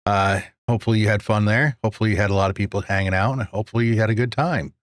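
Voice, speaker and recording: Low-voiced man hosting a live stream. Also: racing, no echo, clean studio sound. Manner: relaxed, chatty, greets viewers. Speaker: podcast host. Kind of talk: casual live-stream chat.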